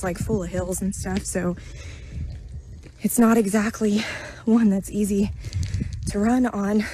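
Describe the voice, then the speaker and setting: A woman telling a personal spiritual testimony in an earnest, halting way, full of fillers and restarts, recorded outdoors on a road. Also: medium pitch, darkish tone, slight background noise. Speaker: vlogger sharing a spiritual testimony.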